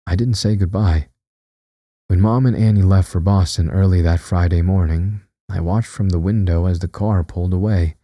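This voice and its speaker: A man's voice: low-pitched, fairly even intonation, normal speed, dark tone, no echo. A man narrating a scripted horror story in a tense, dramatic way.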